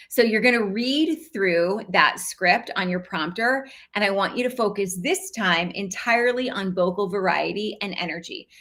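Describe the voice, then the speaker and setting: A middle-aged woman teaching a live online class as an on-camera coach, with clear, emphatic delivery that stresses key words. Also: medium pitch, fairly bright tone.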